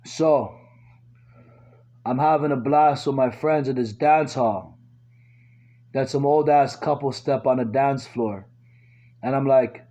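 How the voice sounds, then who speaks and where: A man's voice: medium pitch, slow pace, long pauses, mellow. Man telling crude slangy joke stories, muffled. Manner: crude slangy delivery, acts out quotes himself. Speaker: stand-up comedian. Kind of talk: stand-up jokes told as short stories.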